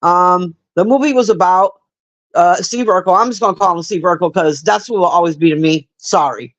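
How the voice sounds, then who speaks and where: On a livestream, a woman with a fairly low voice and a brisk pace rambles casually through a movie review. She's blunt and swears freely, breaking off now and then to chat with her viewers.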